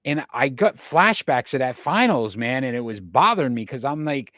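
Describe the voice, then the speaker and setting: A man's voice: mid-range voice, big pitch swings, moderate pace, a bit bright, no room sound. A man hosting a sports talk show, asking long winding questions full of statistics. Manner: asks long, winding questions packed with stats.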